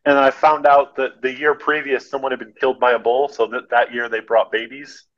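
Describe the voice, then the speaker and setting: Man telling lively stories over dull audio. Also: medium pitch, a little fast. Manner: animated anecdotal storyteller. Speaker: podcast guest. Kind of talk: casual storytelling.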